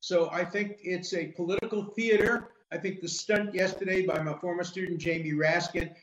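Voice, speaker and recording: Older man, law professor, emphatic numbered points, slightly high voice, echoey muffled remote audio, faint hiss. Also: fairly even intonation, normal speed. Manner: firm, emphatic, lays points out in numbered order. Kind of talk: legal commentary in an interview clip.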